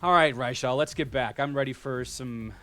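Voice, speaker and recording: A man's voice: medium pitch, normal speed, a bit bright, faint music behind, lightly acted. Man voicing a wry female dragon rider. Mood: warm. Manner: teasing and sardonic.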